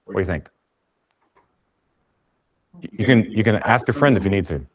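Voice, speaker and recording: A man's voice: lowish voice, animated, normal speed, reverberant. Folksy man coaching a live class. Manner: folksy, joking and teasing with the class; lays out role-play phone scripts as quoted lines. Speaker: real estate coach.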